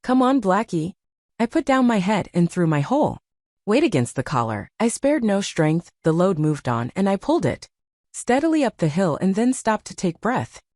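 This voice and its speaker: A woman narrating an audiobook in a measured storytelling manner. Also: medium pitch, very animated, a little mellow, no echo, clean studio sound. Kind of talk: scripted narration.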